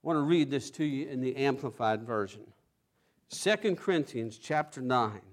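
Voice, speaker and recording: A preacher delivering a sermon in an emphatic manner, swelling to loud exclamations of praise. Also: medium pitch, lively intonation, moderate pace.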